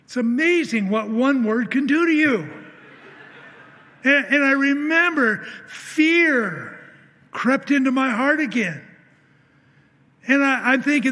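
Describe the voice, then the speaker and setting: A man's voice: very high-pitched, lively intonation, slow pace, pauses often, sharp tone. A man preaching a sermon, telling a personal story in an earnest way, acting out the dialogue and often restarting his sentences. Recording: long hall reverb.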